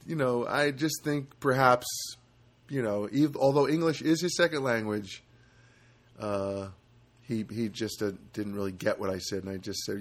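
A man telling stories in a casual monologue, rambling and animated with many restarts. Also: mid-range voice, normal speed.

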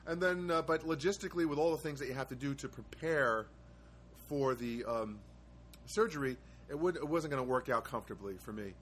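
A man's voice: medium pitch, brisk, slight background noise. A man hosting his own show from a studio apartment, telling stories in a rambling casual monologue with wry asides and many hesitations.

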